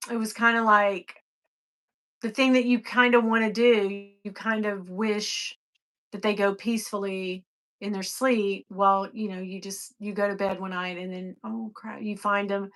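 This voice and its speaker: A middle-aged woman hosts a casual livestream, answering viewers in loose, rambling talk. Her voice is bright and forward, with a lot of swing. She drops into quiet, sighing stretches and then springs up into high, excited bursts. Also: moderate pace. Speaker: livestream host. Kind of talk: casual live chat reading comments.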